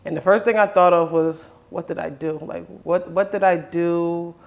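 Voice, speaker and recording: A man's voice: on the high side, fairly even intonation, moderate pace, vocal fry. A man hosting a conversation, earnestly telling a personal story in his own words and often quoting what others said to him. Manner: earnest, with many restarts and quoted dialogue. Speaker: host.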